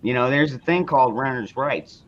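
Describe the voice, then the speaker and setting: A man's voice: medium pitch, moderate pace, lo-fi sound. A man chatting casually on a podcast, blunt and profane, often restarting his sentences. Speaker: host.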